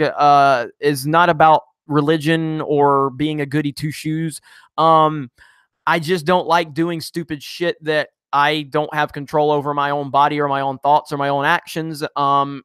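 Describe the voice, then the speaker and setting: A man with a clear, resonant voice that is a little high and fairly bright hosts a casual YouTube live stream, reading viewer comments and ranting bluntly with frequent swearing. His rambling talk is full of restarts, and the clean studio sound has no echo.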